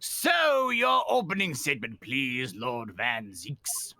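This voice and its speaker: A man voicing a pompous old courtroom judge with a stately, drawn-out delivery, in a fan dub of a game. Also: mid-range voice, huge pitch swings, vocal fry, bright, forceful tone, dry recording, full character voice.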